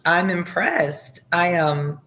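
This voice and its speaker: A woman with a Southern accent talks in a low, easy register. She chats at length with her viewers, sincere and rambling, like a former teacher on a casual read-along livestream. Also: slow pace, a bit bright. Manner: chatty, rambling, sincere, answers viewer comments. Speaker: reading channel host, former teacher.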